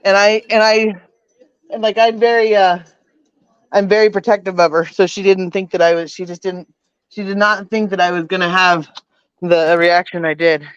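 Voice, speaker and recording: A woman's voice: medium pitch, little pitch movement, normal speed, clear, resonant tone, no echo, muffled recording. A woman guest telling her story in casual chat, rambling with many false starts.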